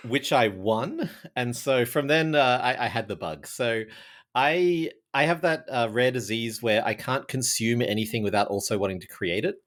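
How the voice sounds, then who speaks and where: A man's voice: medium pitch, moderate pace, a bit bright. A man with an Australian accent, a game designer chatting as a guest on a podcast over a remote call, telling stories in a jokey, self-deprecating way. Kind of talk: casual podcast chat.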